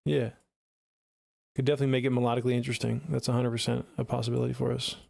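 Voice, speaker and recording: A man's voice: mid-range voice, flat delivery, rapid-fire, creaky, background noise. A man streaming live as a music producer, chatting casually and answering his viewers' messages by name. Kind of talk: casual livestream chat.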